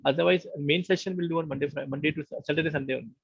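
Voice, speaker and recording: Man, online instructor, patient explanations, gravelly voice, muffled call audio. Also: fairly high pitch, fairly even intonation, very fast, dry recording. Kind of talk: live online lecture. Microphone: online meeting call.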